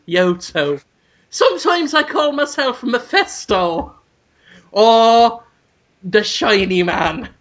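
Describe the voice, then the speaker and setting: A man voicing a pompous male rock star, reading out a grand, drawn-out letter in a dull lo-fi podcast recording. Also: very high voice, pushed and bright, heavily acted.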